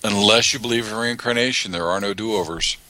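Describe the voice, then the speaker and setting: A man co-hosting a casual, joking chat, animated and full of sudden pitch jumps. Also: brisk, no echo. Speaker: podcast co-host.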